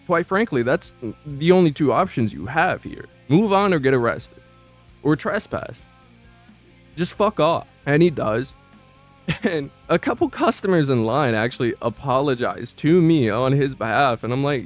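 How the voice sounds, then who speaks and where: Male storyteller, mid-pitched, slangy and profane, stammering restarts, soft music bed. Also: lively intonation, normal speed. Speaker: vlogger recounting old job. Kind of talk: casual storytelling. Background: faint background music.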